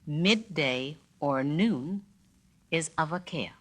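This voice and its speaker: Lady teaching greetings real slow, voice swoops up and down a lot. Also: low-pitched, animated. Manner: slow, carefully inflected, demonstrates phrases with exaggerated intonation. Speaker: language teacher narrating a lesson record. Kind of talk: scripted spoken-word lesson.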